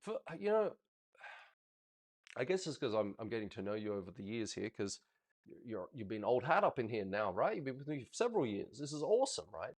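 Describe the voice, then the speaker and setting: A male ballroom coach talks a student through footage in a chatty, encouraging way. His pitch swings widely and keeps the explanation lively. Now and then he counts the steps out loud as he demonstrates. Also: fairly quick. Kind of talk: coaching a student over video review.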